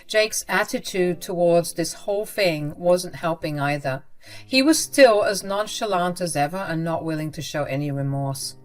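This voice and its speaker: A woman reading a first-person story aloud in a steady, measured way. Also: fairly low pitch. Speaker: story narrator. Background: faint background music.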